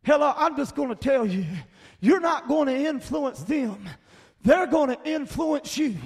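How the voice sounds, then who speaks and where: A man preaching a sermon with a Southern Appalachian accent, rising into shouted emphasis and punctuating his points with "Amen" and "Hello.". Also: extremely high pitch, expressive, moderate pace. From American South. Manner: fiery preaching that swells into shouts, with frequent call-outs of "Amen" and "Hello".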